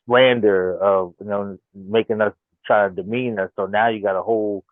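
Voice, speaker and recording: A man's voice: on the low side, steady tone, normal speed, dry recording, narrow, tinny audio. A man speaking as a guest in a casual online panel chat, talking in a loose, slangy way with lots of filler.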